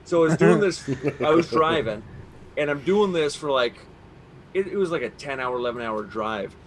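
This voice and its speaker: A man's voice: a little high, lively intonation, normal speed, a little hiss or hum. A Canadian man co-hosting a live stream, telling a long profane story in casual banter. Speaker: podcast co-host.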